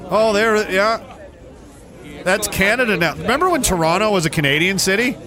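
High-voiced sarcastic ranting podcast host. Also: male voice. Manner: sarcastic, profane, rambling. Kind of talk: casual ranting commentary.

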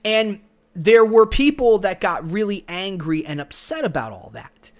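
A man's voice: high voice, lively intonation, a little slow. A man hosting a solo podcast, giving opinionated, argumentative commentary straight to the listener. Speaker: podcast host.

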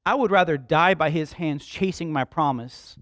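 A man preaching a sermon, telling a story dramatically, acting out the dialogue and shouting for emphasis. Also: on the high side, normal speed, no room sound, studio quality.

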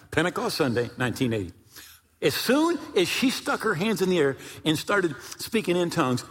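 An older man delivers a sermon, telling a story with lively swings of pitch and sudden shouted peaks. His voice is a little husky and sits on the high side for a man. A long hall reverb trails each phrase. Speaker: pastor.

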